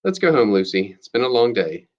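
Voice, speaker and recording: A man reading as a gentle grandmother in her sixties. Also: medium pitch, big pitch swings, a little fast, dull audio, lightly acted. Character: gentle 66-year-old grandmother, tired.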